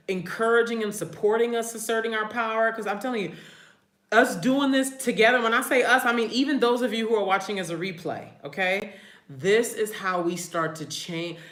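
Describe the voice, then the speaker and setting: Lively bright-voiced woman doing a live chat from her room, laughs a lot, reads comments out. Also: on the high side, echoey room. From family from New Orleans. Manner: chatty, laughs often, reads comments aloud. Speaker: livestream host. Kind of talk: casual live chat with viewers.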